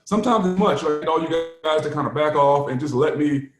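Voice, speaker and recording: Casual male podcast co-host, fairly high voice, expressive storyteller in a roomy, echoing space. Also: fairly quick, music in the background. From United States. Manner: animated storyteller, laughs often. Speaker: podcast co-host, former player. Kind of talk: casual chat.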